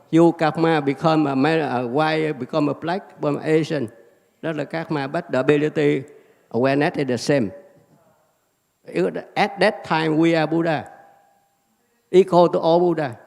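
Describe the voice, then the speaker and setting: A man giving a Buddhist teaching in halting, fragmented phrases with many fillers. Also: a little high, creaky, darkish tone. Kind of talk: dharma lecture. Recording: hall reverb.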